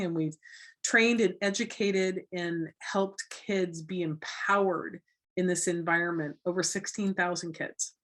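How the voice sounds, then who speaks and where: Woman from florida telling a story on a talk show, lowish voice, acts out the quotes. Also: fairly bright tone. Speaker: guest, anti-trafficking educator. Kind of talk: casual interview talk.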